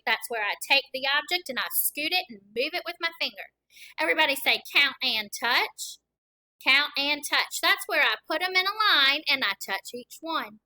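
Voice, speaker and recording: Kindergarten teacher, woman, high, bright voice, slow and encouraging, counts along with the kids. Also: lively intonation, poor audio. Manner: encouraging, counts aloud slowly for young children. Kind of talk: recorded classroom lesson.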